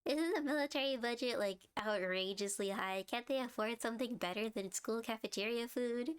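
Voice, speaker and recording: A woman's voice: fairly high pitch, normal speed, clean tone. A young woman streaming a game live, chatting and giggling as she reads her chat aloud and reacts to the story.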